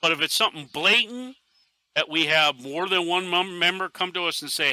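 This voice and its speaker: A middle-aged man from Northeastern Pennsylvania, a podcast guest who tells stories in a casual, animated way and acts out quotes. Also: high-pitched, moderate pace, no echo. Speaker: podcast guest, airsoft team leader.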